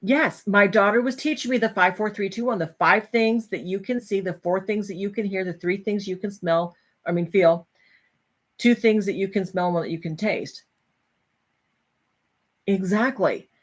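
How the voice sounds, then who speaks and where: A middle-aged woman host telling a personal story to an audience, animated and acting out the voices of others. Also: medium pitch, normal speed.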